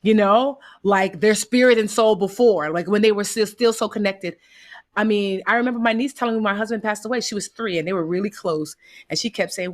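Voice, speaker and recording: A woman from the United States, a guest telling stories in casual conversation, animated and acting out the voices she quotes, with folksy asides. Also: medium pitch, a little fast.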